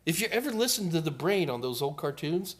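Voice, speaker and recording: A man's voice: fairly high pitch, sing-song, brisk. A man in his sixties hosting a casual live Q&A about IT certifications, joking and trailing off mid-sentence. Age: 60s. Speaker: host, IT certification trainer.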